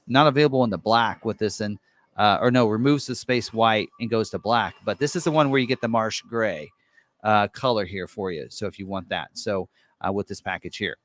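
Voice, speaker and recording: A man's voice: lowish voice, fairly quick, fairly bright tone. Man casually walking through truck options. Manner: loose and conversational, many fillers and self-corrections. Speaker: truck ordering guide presenter. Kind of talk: casual walkthrough of an online configurator.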